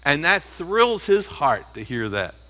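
A man's voice: a little high, very animated, slow pace, sharp tone, rough recording. A man preaching a verse-by-verse sermon in a conversational way, often checking in with the congregation. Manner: conversational preaching, frequent "okay?" and "you see" checks. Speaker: pastor. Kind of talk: expository sermon.

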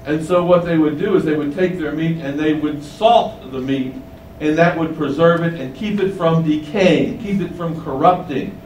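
Male preacher, slightly high voice, deliberate emphatic teaching, roomy echo, a step off the mic. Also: a little mellow, distant mic, a little hiss or hum. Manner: slow, emphatic teaching with rising stresses. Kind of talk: sermon.

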